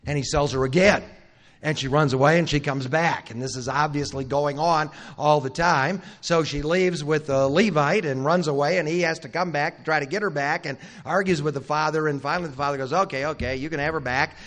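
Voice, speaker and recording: A man delivering a teaching sermon, retelling a Bible story to a live audience. His voice sits slightly high for a man, and he talks in a conversational way. He asks the room questions and briefly acts out the people in the story. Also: a little fast, a bit bright. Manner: conversational storyteller who acts out the characters' lines; asks the audience questions and adds wry asides. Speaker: Bible conference speaker.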